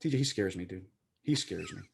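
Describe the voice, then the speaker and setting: A man, co-hosting a casual sports chat in an excitable, jokey, rambling way. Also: deep voice, brisk, gravelly, slightly rough. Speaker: podcast co-host.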